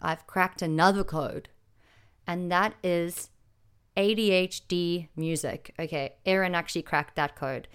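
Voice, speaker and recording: A woman hosting a casual solo podcast from a small home office, chatty and excitable, rambling a little. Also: fairly low pitch, unhurried, clean tone. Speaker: podcast host.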